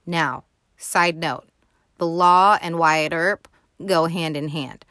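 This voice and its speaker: A woman hosting a movie show, recapping a film in an animated, profane, slangy way. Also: sits low, takes it slowly, dry recording, clean studio sound. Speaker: movie podcast host.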